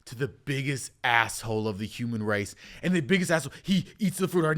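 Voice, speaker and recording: A man hosting a podcast, telling an animated, joking story in casual conversation. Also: mid-range voice, fairly quick, hardly any pauses. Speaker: podcast host.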